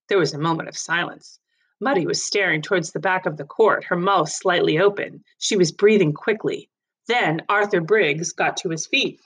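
A woman's voice: fairly low pitch, normal speed, a bit bright, husky. A woman reading a novel aloud as a storyteller, greeting listeners and narrating expressively.

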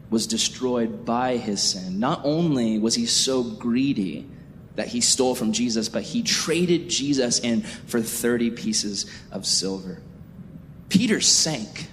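A young man giving a youth sermon as a youth pastor, jokey and animated, acting out the people in his stories. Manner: animated, jokey storytelling with acted-out voices. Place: church sanctuary. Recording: echoey hall with faint rumble.

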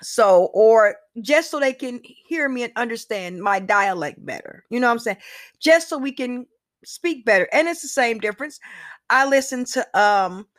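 A woman's voice: a little high, animated, normal speed, fairly bright tone, no room sound, clean studio sound. A woman hosting her own solo podcast, talking casually and emphatically to her listeners with slang and direct asides. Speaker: podcast host.

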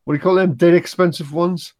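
A man's voice: high-pitched, fairly even intonation, fast, darkish tone. A man, chatting casually as a podcast co-host. He rambles, stalls and searches for words. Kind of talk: casual chat.

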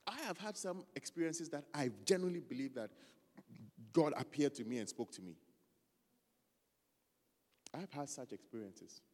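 A man preaching a lively sermon, loose and joking, often stopping to find his place in the text. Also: on the high side, moderate pace, long pauses, in a large hall. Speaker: pastor.

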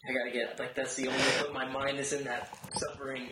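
A man hosting a podcast, chatting casually and quickly with a joking manner. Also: mid-range voice, flat delivery, sharp tone. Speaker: podcast host. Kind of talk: casual conversation.

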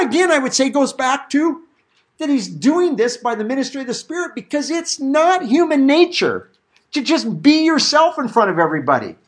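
A middle-aged man preaching a verse-by-verse sermon, animated and acting out the quotes he reads. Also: high-pitched. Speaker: pastor.

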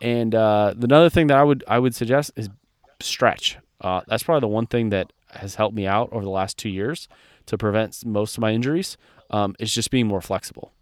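A man's voice: lowish voice, a little fast, no echo, studio quality. A young man co-hosting a podcast in casual chat, blunt and profane, laughing often and acting out people he mocks. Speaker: podcast co-host.

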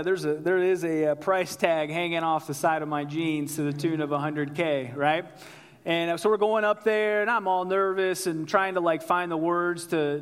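A man's voice: a little high, clear, resonant tone, long reverb tail. A man preaching as a pastor, telling a personal story in a loose, conversational way and calling out to the congregation. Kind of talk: sermon.

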